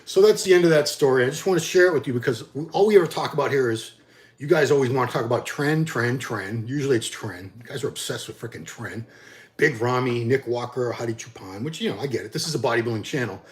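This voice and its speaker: A middle-aged man tells his viewers a story plainly and bluntly, with a voice of ordinary pitch for a man. He gets animated when he acts out what people said, then settles back into easy talk. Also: fast. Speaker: bodybuilding channel host.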